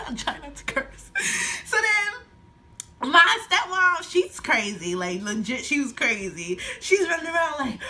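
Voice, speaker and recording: A woman's voice: high-pitched, animated, slow, bright, forceful tone, a little hiss or hum. A woman in her twenties telling a storytime vlog at home, laughing often as she talks. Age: 20s. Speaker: vlogger.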